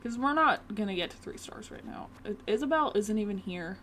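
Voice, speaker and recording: A woman's voice: mid-range voice, lively intonation, a little fast, a bit bright, a little hiss or hum. A young woman chatting casually through a gameplay session, often talking fondly to her cat. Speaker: gaming video creator.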